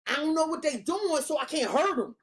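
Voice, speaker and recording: High-voiced woman, tarot reader, casual monologue, slangy and emphatic with lots of cursing. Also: animated, brisk. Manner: blunt, profane, slangy and emphatic.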